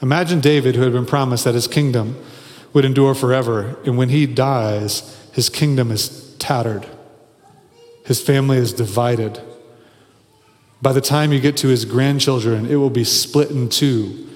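A man's voice: medium pitch, steady tone, normal speed, darkish tone. A man in his forties preaching a sermon, earnest and building to emphatic, repeated phrases. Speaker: pastor. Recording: long reverb of a large hall.

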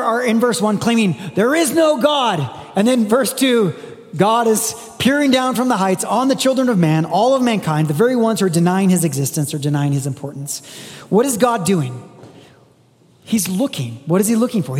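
A man's voice: sits high, darkish tone, big-room sound. A man preaching a sermon in a conversational way, reading scripture aloud with emphasis. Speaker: pastor.

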